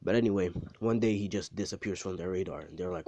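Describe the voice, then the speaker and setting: A man with a somewhat low voice spins a story in a loose, casual way, full of restarts, fillers and swearing. The recording is dry and close. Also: fast talker, warm tone, dry recording, muffled recording. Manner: rambling, profane, lots of fillers and restarts. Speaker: video creator.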